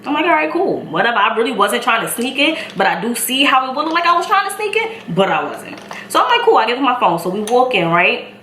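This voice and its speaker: A woman's voice: a little high, sing-song, fast talker, sharp tone. A young woman with a Brooklyn New York accent tells a story time as she does her makeup, acting out every voice and laughing through it. She sits close to the camera in a small, echoey room at home. A faint ambient hum runs under her voice. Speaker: beauty vlogger.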